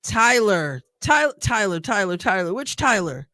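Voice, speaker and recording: A middle-aged woman hosting a live stream, chatting casually and excitedly as she reacts to a sports draft and answers her viewers. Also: mid-range voice, moderate pace, dry recording, clean studio sound. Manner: chatty and excitable, thinking aloud and talking to chat viewers.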